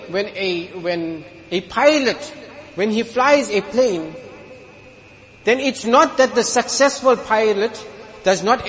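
A man's voice: high-pitched, a bit bright. A man delivering an emphatic sermon in a mosque, illustrating his points with humorous stories. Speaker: preacher. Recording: long hall reverb.

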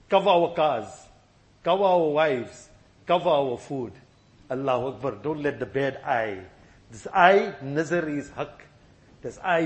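A man preaching a sermon in a mosque gathering, then leading a fervent, pleading supplication with a sobbing, breaking voice. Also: mid-range voice. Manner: fervent pleading repetition of "Ya Allah".

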